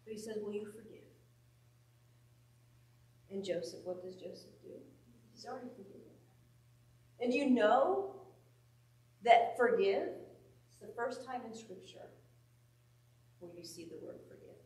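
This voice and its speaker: A woman teaching a Bible study in an echoey church room, caught from some distance. Her voice sits on the higher side. She reads scripture aloud and drives her points home with questions to the group. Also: expressive, measured pace, pauses often, a little mellow, a little hiss or hum.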